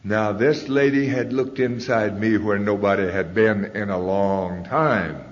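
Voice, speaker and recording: A man's voice: lowish voice, fairly even intonation, unhurried. A man giving a live personal testimony talk, telling his story in a folksy, candid way with fillers, at a podium microphone. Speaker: speaker sharing his story. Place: large convention hall. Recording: long hall reverb, dull lo-fi 1990s tape.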